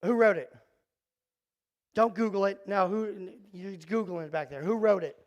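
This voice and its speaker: Teaching a casual youth group session, this middle-aged pastor has a voice that sits high and moves at a normal speed. He teases the kids present and makes self-deprecating jokes into a handheld or headset mic, with no echo and lo-fi sound.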